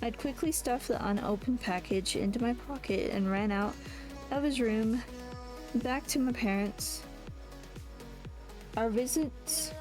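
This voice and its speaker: A female audiobook reader, whose voice is on the high side and a little mellow, reads a first-person novel aloud. Her reading is marked by frequent restarts and self-corrections.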